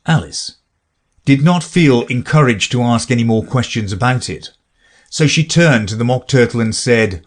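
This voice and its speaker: A man narrating a classic children's story as an audiobook reader, with a slow, lively reading manner. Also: medium pitch.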